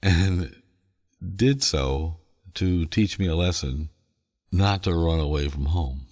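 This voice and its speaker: A man's voice: a bass voice, slow pace, long pauses, darkish tone, big-room sound. A man hosting a sleep podcast, telling a story in a meandering way with chuckles. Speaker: podcast host.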